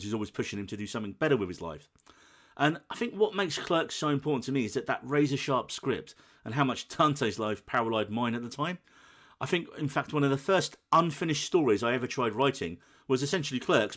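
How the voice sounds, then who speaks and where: A man co-hosting a film podcast, telling a scene with lively, acted-out quotes. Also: medium pitch. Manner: animated storytelling, acts out quoted lines. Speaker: podcast co-host. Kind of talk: casual film chat.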